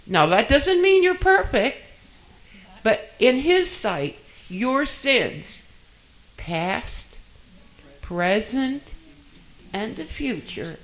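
Slow, emphatic older man preaching. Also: very high voice, sing-song, rough recording. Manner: slow, emphatic, dropping to soft asides. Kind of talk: sermon.

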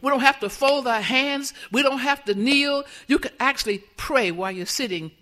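A woman's voice: high-pitched, moderate pace, bright, forceful tone. A woman giving a conversational sermon in a church, putting questions to the congregation. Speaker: church speaker.

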